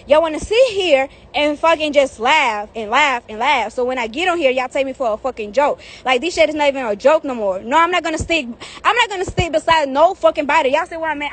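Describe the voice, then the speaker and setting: A high-voiced young woman vents on a phone live stream from outside. Her talk is heated, profane and repetitive, and she hammers the same points again and again. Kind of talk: angry live-stream rant. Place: outdoors in the heat.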